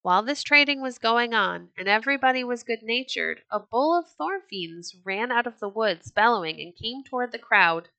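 A woman reading a children's storybook aloud as a podcast storyteller, measured and expressive. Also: fairly high pitch, no room sound, highs cut off.

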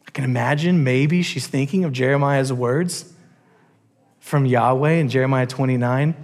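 A man's voice: mid-range voice, normal speed, darkish tone. A man preaching a sermon as a pastor, telling a story animatedly and acting out its characters. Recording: long church hall reverb.

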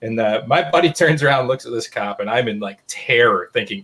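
A man host spinning a rambling, easygoing anecdote on a casual podcast. His voice sits at an ordinary middle pitch, and he leans on fillers and restarts. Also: expressive, a little fast, fairly bright tone. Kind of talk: casual chat.

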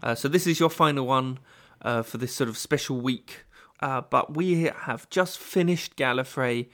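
Understated British man, mid-pitched. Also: normal speed, fairly bright tone. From Britain. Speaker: podcast co-host. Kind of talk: comedy sketch and casual podcast chat.

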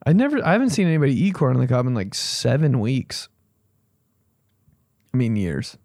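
A man's voice: medium pitch, moderate pace, dry recording. Dude comedian riffing on his podcast, voice jumping all over, cussing a lot, dry close sound. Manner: animated, swears casually, acts out quotes. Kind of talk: casual comedic monologue.

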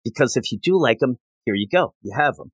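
A man hosting a podcast, chatting casually about comic books and retelling scenes with quick voiced quotes. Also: medium pitch, animated, breathy edge, no room sound. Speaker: podcast host. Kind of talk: casual comic book review chat.

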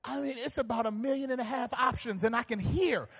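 A man preaching a sermon as pastor, telling stories with animation and building to fervent shouting. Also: very high voice, fairly quick, breathy edge, big-room sound.

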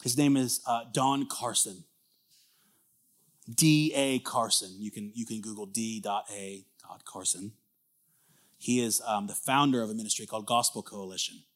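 A man preaching a sermon as a pastor, conversational and animated, with frequent restarts and emphatic rises. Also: lowish voice, normal speed.

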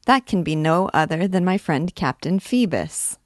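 A woman's voice: lowish voice, animated, normal speed, no echo, studio quality, natural voice. A woman reading aloud, voicing a mischievous young male student with a playful, teasing manner.

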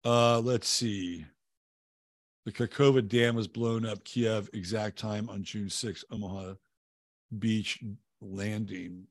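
Rambling man hosting a livestream, low voice. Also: steady tone, takes it slowly, dry recording, studio quality. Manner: rambling, loose, swears casually, many fillers and restarts. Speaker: livestream host. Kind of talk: casual livestream chat reading viewer comments. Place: home, living in Texas.

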